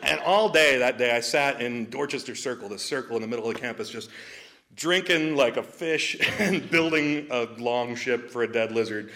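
Using a mid-range voice with a sharp tone at a moderate pace, a young adult comedian recounts personal stories for an audience. He laughs frequently, and fillers crop up throughout his joke-filled telling.

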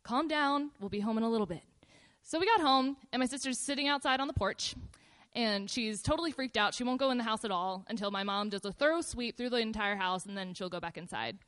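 A woman casually telling a personal story in a relaxed, meandering way, with fillers and pauses. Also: fairly high pitch, clean tone.

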